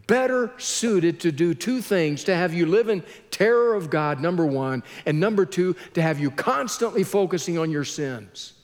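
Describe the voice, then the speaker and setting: A man delivers a sermon in an unhurried, deliberate way, letting long pauses hang between phrases. His voice sits somewhat high for a man, and it carries through the long reverb of a church sanctuary. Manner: slow, earnest preaching with heavy pauses. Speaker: pastor.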